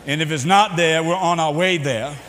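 A middle-aged man with a Boston accent giving a public speech, telling jokes and his own story with dramatic pauses and "uh" fillers. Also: a little high, a little hiss or hum. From New Bedford, Massachusetts. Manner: warm, joking delivery with dramatic pauses and frequent "uh" fillers. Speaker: keynote speaker. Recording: long hall reverb.

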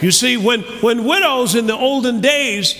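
A man preaching a sermon, shouting calls for amen to the congregation, then dropping to quieter asides. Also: extremely high pitch, normal speed. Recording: echoey hall with crowd noise. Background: congregation noise.

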